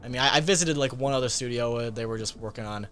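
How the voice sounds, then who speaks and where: A man, a gaming YouTuber, telling a casual story-time vlog in a rambling way, full of fillers and quick laughs. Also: mid-range voice, a bit bright, a little hiss or hum.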